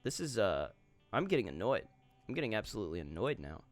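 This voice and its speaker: A man's voice: on the low side, very animated, fast talker, dry recording. A man streaming, reading online posts aloud and reacting with casual, offhand commentary. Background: faint guitar music.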